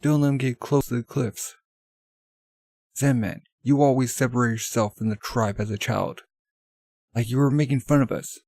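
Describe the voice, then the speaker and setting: A man doing an angry tribal warrior, gravelly. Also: medium pitch, steady tone, normal speed, pauses often, darkish tone, dry recording, natural voice. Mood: shouting orders. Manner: accusing and scolding. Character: angry male tribal warrior hunting a runaway.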